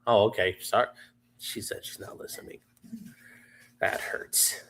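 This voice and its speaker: A man's voice: mid-range voice, huge pitch swings, a little slow, a bit bright, whispered. A man hosting a livestream in a loose, rambling chat with viewers, full of fillers and casual swearing. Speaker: livestream host.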